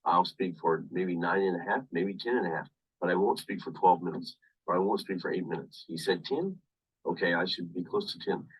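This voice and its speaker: A man teaching a university English class over a video call, explaining slowly and repeating "of course" often. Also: low-pitched, slightly rough, distant mic, rough recording. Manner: repetitive, explains slowly with many "of course" asides. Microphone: computer webcam mic on video call.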